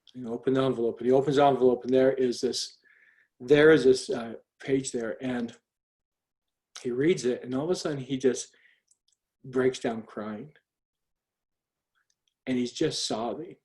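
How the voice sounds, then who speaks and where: A middle-aged man shares a personal faith testimony over a call. His voice sits in a middle pitch and stays quiet and earnest, and he often restarts his sentences as he tells the story. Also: fairly even intonation, normal speed, pauses often. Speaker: speaker sharing a testimony. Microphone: call audio.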